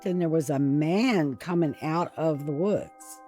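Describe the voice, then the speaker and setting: A woman in her seventies calmly recounting a personal memory in plain, halting words. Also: deep voice, faint music behind. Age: 70s. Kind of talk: personal testimony.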